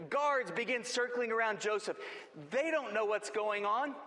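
A man preaching a sermon, telling the story dramatically and acting out the quoted lines, swinging between booming and hushed. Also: moderate pace. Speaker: pastor. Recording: long hall reverb.

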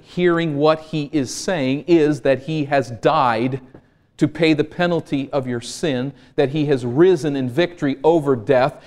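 A male pastor preaching a sermon in an earnest voice, rising to emphatic peaks and sinking to hushed low points.

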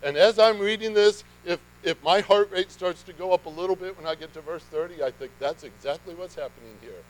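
Male pastor, slightly high voice, chatty sermon delivery with emphatic swells, faint hum. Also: brisk, rough recording. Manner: conversational, building to emphatic bursts.

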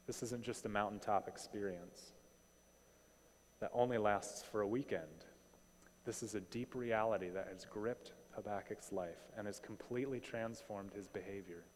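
A man preaching a sermon in a conversational, animated way, often asking rhetorical questions. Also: fairly low pitch, moderate pace. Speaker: pastor. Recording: long hall reverb.

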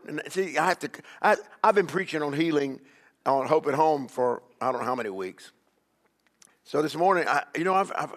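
A man's voice: on the high side, fairly bright tone, long reverb tail. A man preaching as a bishop, emphatic, with call-and-response and repeated questions to the congregation. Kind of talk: sermon.

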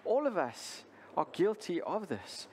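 A male pastor preaching a sermon, earnest and deliberate, repeating his key lines for emphasis. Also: high-pitched, very animated, a little mellow, a little hiss or hum.

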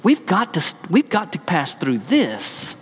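A man's voice: high voice, huge pitch swings, slow, breathy edge, long reverb tail. A man, a pastor, preaching a sermon in a church, telling the story with emphasis.

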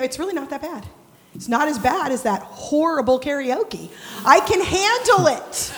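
A woman with a high voice delivers a sermon in an animated, humorous storytelling manner. She imitates noises as she speaks. Her voice rings with the long reverb of a large church hall. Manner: animated, humorous, mimics sounds.

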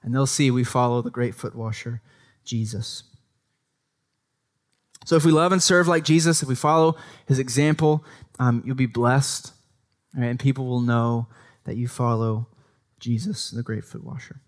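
A man's voice: medium pitch, moderate pace, long pauses. A man preaching a sermon in a conversational way, often checking in with his listeners and acting out quoted speech with a livelier voice. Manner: conversational, often adds "right?" to invite agreement. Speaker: pastor.

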